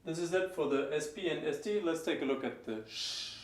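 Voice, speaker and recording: A man teaching German pronunciation, explaining each sound and slowly repeating example words. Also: on the high side, echoey room, a little hiss or hum. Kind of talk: pronunciation lesson.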